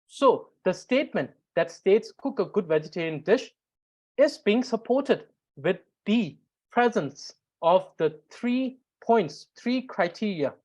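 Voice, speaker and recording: A woman's voice: fairly low pitch, darkish tone. A woman teaching a grammar lesson, explaining step by step with frequent fillers and repetition. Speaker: language teacher.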